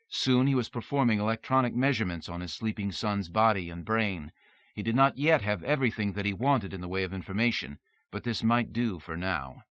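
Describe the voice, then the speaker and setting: A man narrating an audiobook in a steady, measured reading voice, in a dull, dry tape recording. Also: lowish voice, no room sound.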